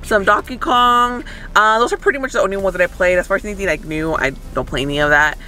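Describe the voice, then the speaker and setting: A man's voice: high-pitched, fast talker, sharp tone. A man casually reviewing a film from inside his parked car, rambling with many fillers. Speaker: movie review vlogger. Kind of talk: casual chat.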